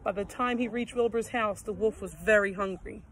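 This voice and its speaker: A woman reading a children's story aloud in a gentle, expressive read-aloud manner. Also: mid-range voice, moderate pace, slight background noise, low-quality recording.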